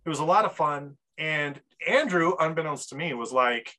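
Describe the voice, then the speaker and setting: A man's voice: fairly high pitch, lively intonation, normal speed, pushed and bright. A man hosting a podcast in an upbeat, hype-style casual chat, full of fillers. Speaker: podcast host.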